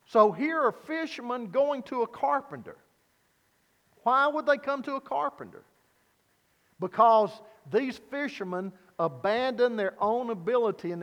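Slow, high-voiced preacher in a reverberant hall. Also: male voice, a bit bright, dull audio. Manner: earnest, deliberate preaching with rhetorical questions. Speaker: pastor. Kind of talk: sermon.

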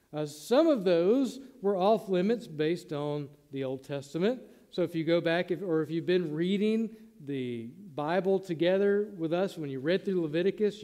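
Pastor guy preaching, chatty, high mellow voice, echoey church hall. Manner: conversational preaching, acts out quoted lines. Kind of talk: sermon.

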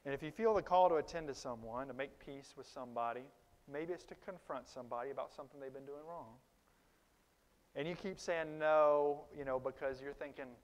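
A male pastor preaching a sermon, shifting from quiet stretches to loud, high-pitched emphatic bursts. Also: brisk, long reverb tail.

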